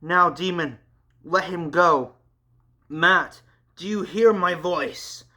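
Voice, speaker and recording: A man's voice: high voice, slow, bright, forceful tone, voice pushed up, exaggerated voice. A man reading a story aloud and voicing a blunt, commanding seventeen-year-old boy. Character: teen boy, 17, blunt, steady helper.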